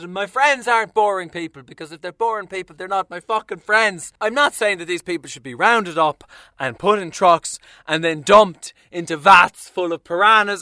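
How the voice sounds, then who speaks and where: A man doing a profane stand-up rant, swinging between quiet mock-calm and shouted outbursts. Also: high voice, moderate pace, no room sound, studio quality. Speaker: stand-up comedian.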